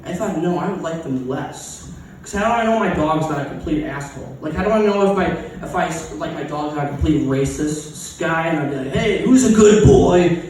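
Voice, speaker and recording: A man's voice: on the high side, fairly quick, a little hiss or hum. Crude, rambling man in an echoey room. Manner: crude, sarcastic, rambling with fillers and restarts. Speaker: stand-up comic. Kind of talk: open mic stand-up set. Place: open mic comedy venue. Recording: echoey room miked from a distance.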